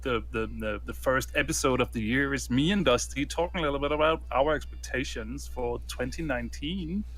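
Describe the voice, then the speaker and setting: A man's voice: mid-range voice, a little fast, few pauses, fairly bright tone. A man co-hosting a gaming podcast, speaking hesitantly with many restarts. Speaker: podcast co-host. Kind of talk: casual podcast chat.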